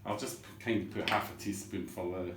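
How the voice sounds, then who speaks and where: A man's voice: low-pitched, fairly even intonation, brisk, noisy background. Man, home cooking host, cheeky rambling patter; echoey kitchen with pots and dishes clattering behind. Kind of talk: chatty cooking demonstration.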